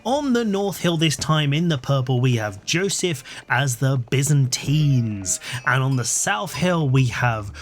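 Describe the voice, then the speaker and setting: A man's voice: on the high side, very animated, unhurried, few pauses, a bit bright. Chatty London man casting a game. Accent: London English. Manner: chatty, laughs often, many "um"s. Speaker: game caster. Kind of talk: casual game commentary.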